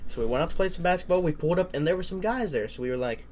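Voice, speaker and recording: Excitable young man, podcast co-host. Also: a little high, racing, slight background noise. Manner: excitable, loud bursts, swears freely. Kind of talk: casual chat.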